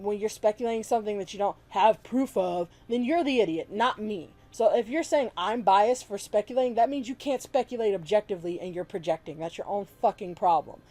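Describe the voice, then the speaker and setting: A woman with a slightly high yet dark, mellow voice, speaking in a blunt, heated opinion vlog. She swears freely and mocks the people she argues against. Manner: blunt, heated and profane, with sarcastic mimicking of others. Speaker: vlogger.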